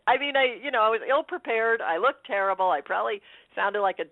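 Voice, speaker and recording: A woman telling her story as a radio interview guest, animated and laughing, acting out her own thoughts. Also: fairly high pitch, fast talker, dry recording. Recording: dry tinny phone line.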